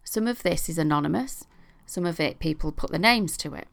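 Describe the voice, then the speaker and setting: Chatty British woman with a gravelly voice. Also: low voice, animated, brisk. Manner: chatty, frequent ums, self-deprecating humour. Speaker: podcast host. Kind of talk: casual podcast monologue.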